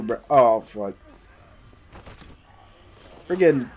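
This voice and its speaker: A young man casually commenting while playing a game, excitable and swearing, yelling at sudden scares. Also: medium pitch, measured pace, long pauses. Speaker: gaming YouTuber.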